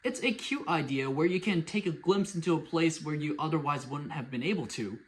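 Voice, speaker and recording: A man's voice: on the high side, a little fast. A man hosting a casual commentary vlog, talking in a sarcastic, exasperated way. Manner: sarcastic, exasperated, lively storytelling. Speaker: YouTube commentary host.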